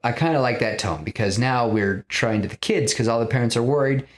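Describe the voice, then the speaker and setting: A man hosting a podcast, casually pitching a story in an animated, rambling way with lots of fillers. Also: fairly quick. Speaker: podcast host.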